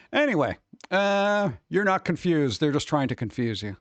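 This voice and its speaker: A man ranting on a casual livestream about advice posts, swearing freely and mocking people in quick put-on voices, his tone exasperated and sarcastic. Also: a little high, dry recording, highs cut off. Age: adult who worked at a record store. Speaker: streamer reacting to advice posts.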